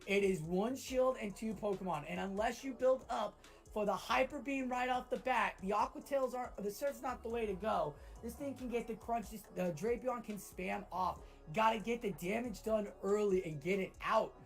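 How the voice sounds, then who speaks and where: Woman co-commentator, gravelly fry, live play-by-play, excitable, faint background music. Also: on the high side, normal speed. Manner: excitable, breaks into shouts at big plays. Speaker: esports co-commentator.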